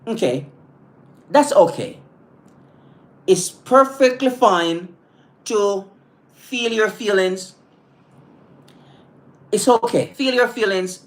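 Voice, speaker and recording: A man talking to his live-stream audience about positive self-talk. He speaks earnestly and bluntly, often restarting and repeating words, and breaks off to greet viewers by name. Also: high-pitched. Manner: blunt, casual phrasing.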